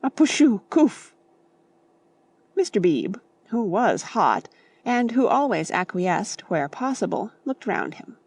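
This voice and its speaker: A woman with a mid-range voice narrates a classic novel as an audiobook. Her reading is measured and expressive.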